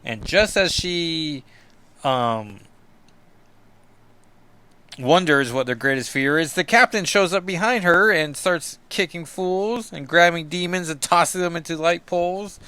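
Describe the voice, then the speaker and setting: A man recaps comic books in a loose, rambling way, full of ums and self-deprecating asides. His voice is bright and smooth, at a middling pitch. The sound is dry and close. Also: a little slow, dry recording. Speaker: comic book podcast host.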